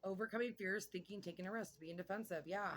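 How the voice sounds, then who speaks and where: A woman giving a casual tarot reading, chatty and excitable, thinking aloud and swearing now and then. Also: mid-range voice, quick pace. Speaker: tarot reader.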